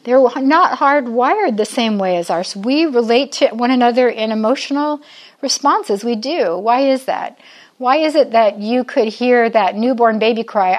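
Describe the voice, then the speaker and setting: An older woman with a slightly high voice gives a conversational Bible talk to women. She teaches in a chatty, lively way and keeps asking her audience questions.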